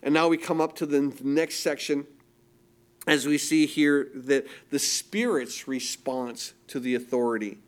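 A man preaching from the pulpit, his voice pitched somewhat high. He drives his points home with emphasis, then drops to a hushed, tender tone, and he often repeats a word as he restarts a thought. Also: steady tone, measured pace, clear, resonant tone. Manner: repeats words when restarting. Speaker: pastor. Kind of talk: sermon.

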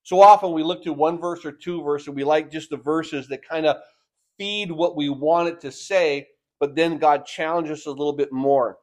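A man preaching a sermon, swinging between loud emphatic lines and soft, slowly drawn-out phrases, often repeating words as he builds his points. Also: fairly high pitch.

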